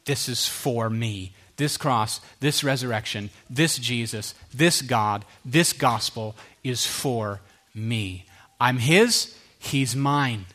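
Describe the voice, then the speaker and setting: A middle-aged male pastor preaching with emphatic repetition, sometimes dropping to a quiet hush. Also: mid-range voice, takes it slowly. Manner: earnest, emphatic, repeats phrases, drops to a quiet hush. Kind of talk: sermon.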